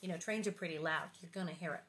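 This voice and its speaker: A woman's voice: on the low side, fast, a bit bright, slight background noise. A woman reading a children's book aloud and breaking off for playful, joking asides. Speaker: reader and host of the channel.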